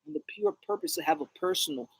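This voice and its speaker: A man's voice: high-pitched, very animated, fast talker, gravelly, slightly rough, no room sound, rough recording. A man co-hosting a podcast, talking in a rambling, preachy, repetitive way. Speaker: podcast co-host. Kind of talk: casual chat.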